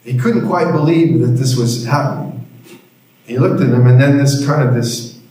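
A man's voice: mid-range voice, moderate pace, dark tone. A male pastor preaching a sermon, telling a story with dry humor, recorded in a church hall. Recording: heavy room echo.

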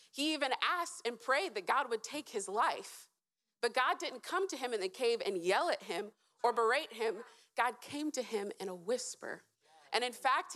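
A woman's voice: fairly high pitch, a bit bright. A woman giving a short, earnest sermon to a live audience, asking them questions and encouraging them. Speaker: speaker at a church event.

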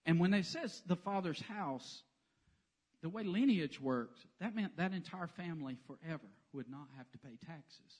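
A man's voice: a little high, moderate pace. A man preaching a sermon in a church sanctuary, telling the story with humor. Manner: animated, joking storyteller. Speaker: pastor.

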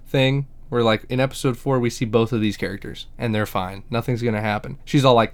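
Smooth-voiced man swearing through a casual recap. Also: mid-range voice, fairly even intonation, brisk. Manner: profane, joking, acts out characters' lines. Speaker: podcast co-host. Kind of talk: casual chat recapping a TV episode.

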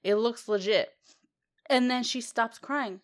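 A woman's voice: on the high side, measured pace. A woman co-hosting a podcast in casual chat, rambling and giggling, swearing freely. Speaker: podcast co-host.

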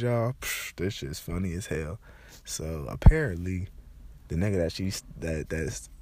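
A young man with a congested, stuffed-up voice, telling loose, profane stories in a casual rant. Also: fairly low pitch. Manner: loose, profane, animated storytelling.

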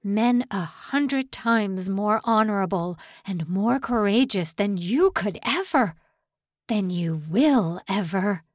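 A woman's voice: mid-range voice, expressive, takes it slowly, husky, dry recording, clean studio sound. A tearful, shaken young officer, as a woman reads him. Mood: anguished. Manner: strained, tearful, accusing.

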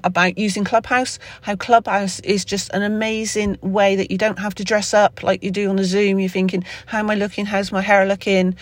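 With a Somerset accent and a mid-range voice, the host of a solo podcast speaks without a script, rambling, stumbling into restarts and fixing his own words amid lots of fillers. There's no echo.

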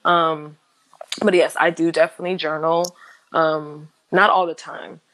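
A young woman guest speaking candidly in an interview, halting with many fillers and restarts, lively when she quotes others. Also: sits low, low-quality recording.

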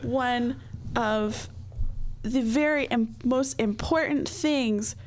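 A woman's voice: a little high, drawn-out words. A woman playing a tabletop game in character, needling and mocking the others. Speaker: player. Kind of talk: in-character tabletop role-play.

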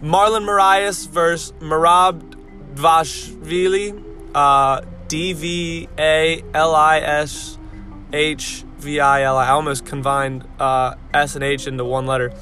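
A man's voice: on the high side, level tone, slow pace, pushed and bright, soft background music. A young man giving a casual, profane rant about fight results, blunt and rambling with lots of fillers, stopping to spell out hard names letter by letter. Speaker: fight-sport vlogger.

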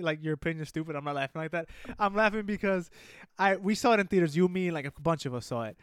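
A man's voice: on the high side, fast talker, fairly bright tone, clear, resonant tone, no echo, studio quality. A man co-hosting a casual podcast chat, telling stories in a rambling way and laughing easily. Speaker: podcast co-host.

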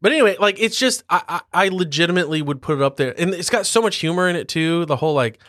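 Excitable higher-voiced man chatting. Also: fast, no room sound, studio quality. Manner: excitable, quotes movie lines with rising pitch. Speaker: podcast co-host. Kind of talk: casual movie chat.

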